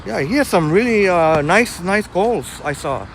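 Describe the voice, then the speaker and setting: A man's voice: high-pitched, expressive, measured pace, a little hiss or hum. A man hosting a casual live walking stream outdoors on a city street, chatting and greeting viewers by name. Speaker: livestream host reading viewer chat.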